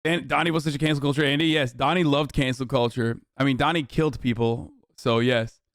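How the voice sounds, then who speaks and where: A man's voice: medium pitch, fairly even intonation, brisk, no echo. A man streaming reaction commentary, ranting in a heated, profane and sarcastic way into a close mic. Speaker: live streamer.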